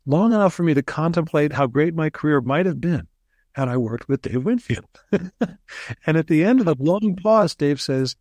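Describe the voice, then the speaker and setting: A man being interviewed as a ghostwriter, telling animated stories with frequent restarts. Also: on the high side, moderate pace, no room sound. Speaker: ghostwriter guest. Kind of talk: casual interview storytelling.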